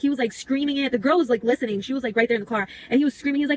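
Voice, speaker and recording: A young woman rattles off a storytime vlog at a quick clip. She swears casually and leans on "like" in nearly every phrase. A faint noise sits under her voice. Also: high-pitched. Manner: chatty, profane, full of "like". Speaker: vlogger.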